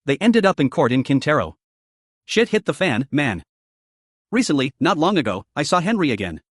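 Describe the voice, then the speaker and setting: A man's voice: a little high, sing-song, moderate pace, no room sound, clean studio sound. A man narrating a personal story in a casual, conversational way, dropping "man" and swear words.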